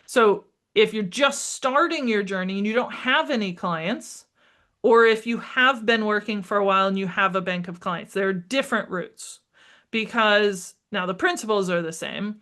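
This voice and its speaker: A middle-aged woman, a marketing strategist, talking as a podcast guest, energetic and emphatic, acting out bits of dialogue. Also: medium pitch, normal speed. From United States. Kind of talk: conversational interview.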